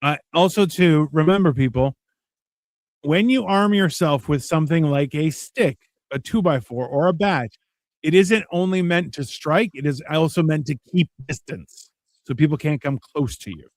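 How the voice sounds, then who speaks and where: A man's voice: fairly high pitch, normal speed, dry recording, studio quality. A man co-hosting a live movie watch-along, chatting casually, joking and swearing as he comments on the scenes. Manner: joking, swearing, acts out characters.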